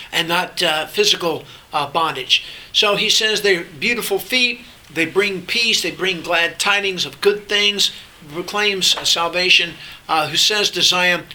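A man's voice: high-pitched, pushed and bright, poor audio. An older man teaching through a Bible passage, explaining in a conversational way with frequent restarts. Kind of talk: sermon-style Bible teaching. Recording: faint hiss.

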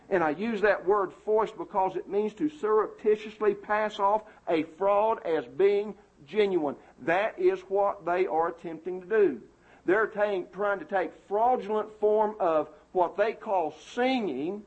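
A man preaching an emphatic, indignant sermon to a congregation, recorded on a muffled lo-fi tape. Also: high-pitched.

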